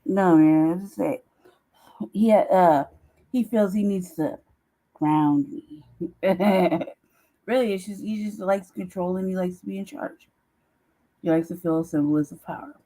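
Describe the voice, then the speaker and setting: A woman's voice: on the low side, unhurried, pauses often, dark tone, poor audio. A woman chatting casually on her own stream, teasing, laughing often and swearing freely. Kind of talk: casual chat.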